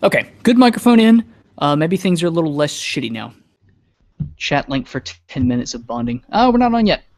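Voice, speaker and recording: A man's voice: a little high, sing-song, a little fast. A young male streamer talks in a loose, rambling way. He swears freely and laughs often. He sounds like a casual live-stream host.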